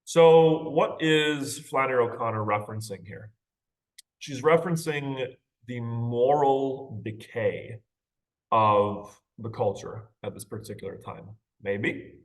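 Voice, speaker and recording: A man's voice: mid-range voice, slow, low-quality recording. A man teaching a literature class, reading passages aloud and discussing them casually, with frequent rhetorical questions and tag questions.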